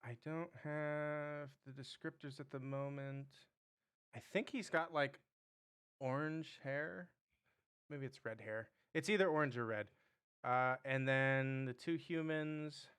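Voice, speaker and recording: A man acting as game master of a live-streamed tabletop game, halting as he thinks aloud while he describes things. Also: mid-range voice, fairly bright tone, clean tone.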